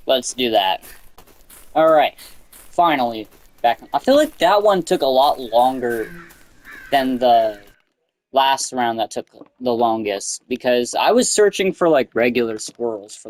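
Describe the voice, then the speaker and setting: A man's voice: mid-range voice, unhurried, long pauses. A man giving casual gameplay commentary, swearing and yelping when he panics. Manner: excitable, swears, yelps in panic. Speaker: gameplay streamer.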